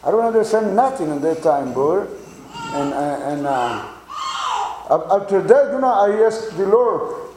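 A man in his sixties from Mexico with a Mexican Spanish accent, giving a halting church testimony full of repeats and fillers. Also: high-pitched, big pitch swings, darkish tone, reverberant, a little hiss or hum, rough recording. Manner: halting, many repeated words and fillers, chuckles.

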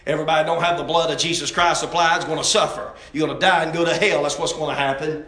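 A man preaching a folksy, impassioned sermon, swinging from loud exhortation to hushed intensity. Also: a little high, steady tone, fast talker. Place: church sanctuary. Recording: very echoey church hall.

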